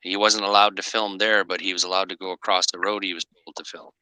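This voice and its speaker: A man hosting a livestream and chatting in a relaxed way. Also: sits low, fast, smooth, no room sound, rough recording. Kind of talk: casual chat.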